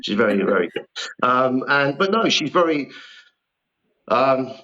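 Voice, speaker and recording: A man's voice: mid-range voice, big pitch swings, measured pace, pushed and bright. Chatty man, dull lo-fi sound. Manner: chatty, self-deprecating storyteller. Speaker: actor guest. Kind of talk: casual podcast chat.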